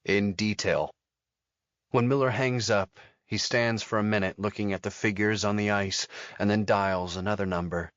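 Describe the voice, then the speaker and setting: A male audiobook narrator with a low voice, telling the story in a steady, measured way. The recording is dry, with a slightly dull, muted top end. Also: smooth, dry recording. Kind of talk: scripted narration.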